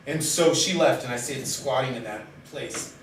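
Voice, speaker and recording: A middle-aged man telling his own life story in a halting, candid way, with many pauses and fillers. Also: medium pitch. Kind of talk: personal storytelling in conversation. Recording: very echoey room, distant mic, steady background noise.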